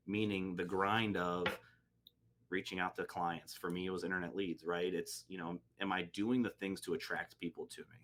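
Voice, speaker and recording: Deep-voiced man telling a motivational story. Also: fairly even intonation, a little fast, fairly bright tone. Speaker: podcast host, real estate agent. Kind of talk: casual interview chat.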